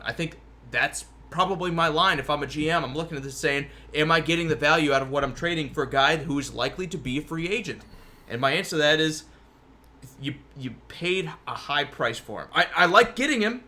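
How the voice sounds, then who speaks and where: A man co-hosting a sports talk show, giving opinions in a casual, animated way. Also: a little high, brisk. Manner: opinionated, animated, talks in long runs. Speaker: podcast co-host.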